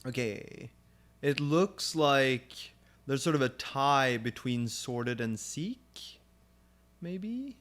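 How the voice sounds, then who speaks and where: Young man, live coding host, thinking aloud, casual explanation, frequent fillers, mid-range pitch. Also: animated, a little slow. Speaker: programming stream host.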